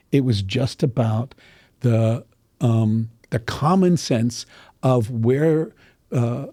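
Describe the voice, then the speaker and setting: A man with a mellow, dark voice talks through dialect sounds as a voice coach, stopping to act out the vowels himself. The recording is dry, with little room sound. He clears his throat now and then. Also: mid-range voice, dry recording. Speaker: voice coach guest. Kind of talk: casual interview explanation.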